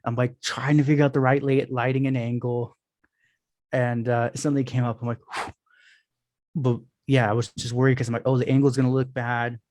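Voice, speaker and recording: A man guest on a podcast, telling stories in a rambling, casual way with quick restarts, talking over a phone video call. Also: mid-range voice, level tone, darkish tone, no room sound, studio quality. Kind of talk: casual interview chat.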